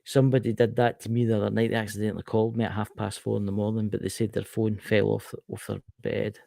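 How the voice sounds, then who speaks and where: A man's voice: fairly low pitch, flat delivery, fast talker, gravelly, warm tone, no echo, studio quality. A Scottish man in casual rambling chat with a co-host, repeating himself as he talks. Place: video call.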